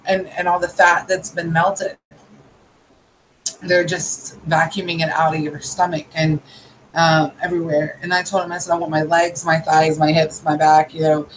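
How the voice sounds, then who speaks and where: A woman's voice: low voice, level tone, moderate pace, a little hiss or hum, low-quality recording. A woman in her thirties casually telling a story, rambling and retelling a conversation with lots of "he goes". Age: 30s.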